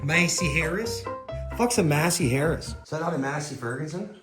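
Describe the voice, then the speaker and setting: A man's voice: a little high, expressive, brisk, over music. A man, vlogging about his car work in a rowdy, swearing, joking way, tired after a long week. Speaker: vlogger and mechanic. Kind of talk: casual vlog chat.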